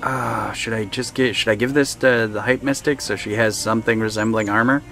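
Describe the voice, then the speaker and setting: A man's voice: on the low side, fairly even intonation, brisk, creaky, bright, forceful tone, soft background music. A man streaming a video game, chatting casually, thinking aloud and laughing often. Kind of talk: casual live-stream chat while playing.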